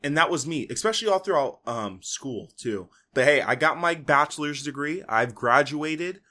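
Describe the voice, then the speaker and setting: A man's voice: a little high, lively intonation, moderate pace, pushed and bright. A young man hosting a solo podcast, talking in a casual, rambling way full of "like" and "you know". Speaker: podcast host.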